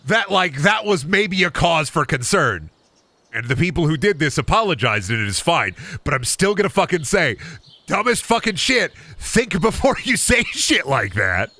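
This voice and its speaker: A man's voice: on the high side, big pitch swings, normal speed, bright, forceful tone, no echo. A man streaming a farming game, chatting casually and crudely with his viewers in rambling, mock-dramatic riffs. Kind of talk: casual gameplay commentary. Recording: game music behind.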